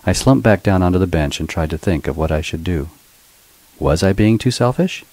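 Deep-voiced man narrating a wry story. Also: lively intonation, normal speed, darkish tone, no room sound, poor audio. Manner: wry, sarcastic. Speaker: author and narrator. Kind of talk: first-person storybook narration.

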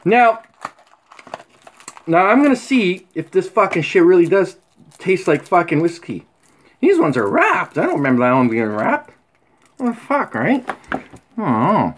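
A man's voice: high voice, sing-song, measured pace, long pauses. Profane rambling man. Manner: profane, rambling, rough-humored. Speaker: vlogger. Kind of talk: crude casual vlog. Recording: faint background noise.

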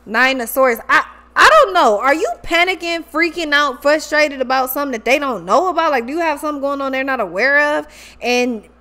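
A woman tarot reader with a high voice talks fairly quickly through a casual reading. She is animated and profane, using plenty of slang and swearing, and often acts out what people might say.

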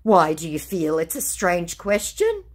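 A woman reading the chat lines of a male online romance scammer in a slow, gushing, overly formal voice. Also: on the low side, huge pitch swings, voice pushed up, heavily acted. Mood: defensive.

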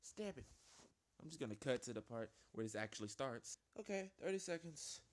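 A man giving live gameplay commentary at home, rambling and self-interrupting, jumping to squeaky panicked yelps and whiny pleading. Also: lively intonation, a little fast. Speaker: gaming video host. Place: at home with a small dog.

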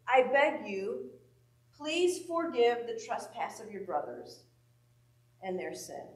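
A woman's voice: medium pitch, a bit bright. A woman leading a Bible study. She reads scripture aloud and puts questions to the group with emphasis. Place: church meeting room. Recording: echoey room, mic at a distance.

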